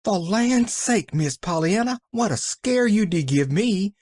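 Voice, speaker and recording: Reader doing a fretful country maid, raised pitch, lively dialect. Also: a little slow, no echo, clean studio sound. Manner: folksy rural dialect, exclaiming. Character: flustered, kindly young servant woman.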